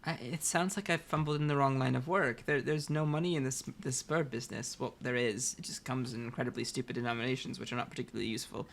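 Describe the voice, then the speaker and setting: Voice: mid-range voice, fairly even intonation, quick pace, gravelly, hardly any pauses, slight background noise, close to an everyday voice. A reader doing a wordy, wry teen girl. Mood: reflective. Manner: elaborate, wordy phrasing with dry wit. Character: verbose wry teen girl, articulate and dry. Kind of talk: reading comic dialogue aloud.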